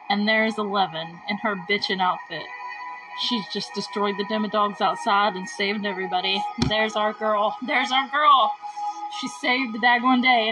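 A woman's voice: mid-range voice, rough recording. A woman hosting a podcast, recapping a TV episode in casual chat and laughing often as she retells the scenes. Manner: giggly, chatty, retells scenes with quick quotes. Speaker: podcast host.

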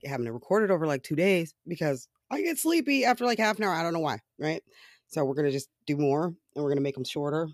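A man's voice: medium pitch, dry recording, clean studio sound. A man hosting his own podcast, ranting casually with lots of swearing and sarcasm, often breaking into laughs and rambling with fillers. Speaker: podcast host. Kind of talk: casual solo political rant.

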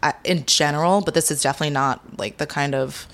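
A young woman speaking frankly as an interview guest, retelling conversations with lively energy. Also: low-pitched, fast. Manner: frank, animated when retelling talks.

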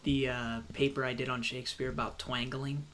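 A man's voice: mid-range voice, flat delivery, fairly quick, a bit bright, slight background noise. A man co-hosting a podcast in casual chat, talking hesitantly because he has the hiccups. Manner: hesitant, restarts over his sentences. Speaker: podcast co-host.

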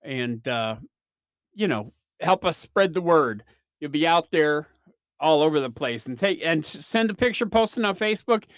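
A man's voice: on the high side, animated, normal speed, a bit bright, no echo, clean studio sound. A man hosting his own podcast, telling rambling, self-deprecating stories in a casual solo chat with lots of fillers. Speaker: podcast host.

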